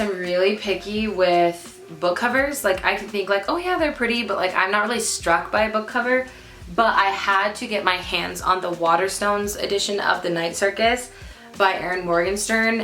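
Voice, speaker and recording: A woman's voice: medium pitch, fairly bright tone. A woman in her twenties chatting casually to camera as a book vlogger, gushing and emphatic, repeating words for stress. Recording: echoey room with faint music.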